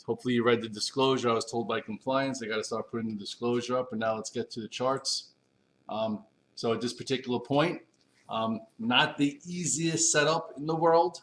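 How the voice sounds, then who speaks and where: A man from Long Island, hosting a casual morning stock market livestream and giving energetic shout-outs to viewers. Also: mid-range voice, poor audio. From Long Island, New York. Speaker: stock market show host.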